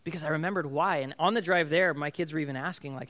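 Pastor guy in his 30s telling a family story in a sermon, bright voice, fairly high. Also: fast. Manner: conversational storytelling, asks the congregation "right?".

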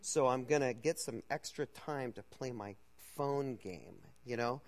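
A man preaching to an audience, telling a personal story in a loose, halting way with many fillers and restarts. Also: mid-range voice.

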